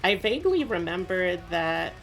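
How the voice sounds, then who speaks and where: A woman's voice: on the low side, very animated, normal speed, fairly bright tone, faint music behind. A woman VTuber chatting casually while she draws on stream, rambling with lots of asides.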